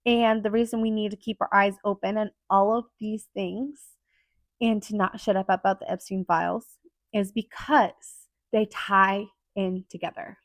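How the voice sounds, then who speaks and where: A woman's voice: medium pitch, fairly even intonation, measured pace, no echo. A woman hosting her own podcast, talking earnestly and emphatically in a rambling solo monologue with lots of fillers. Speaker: podcast host.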